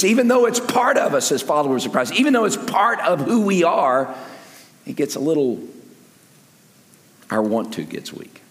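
Animated older preacher in echoing hall. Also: male voice, vocal fry. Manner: lively preaching that swings from loud peaks to soft low asides. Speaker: pastor. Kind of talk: sermon. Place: large church sanctuary with long reverb. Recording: echoey hall with long reverb.

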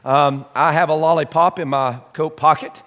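A man's voice: a little high, steady tone, normal speed, a bit bright. A man preaching a conversational sermon as pastor, folksy and chatty with self-deprecating asides, in a church sanctuary. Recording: long hall reverb.

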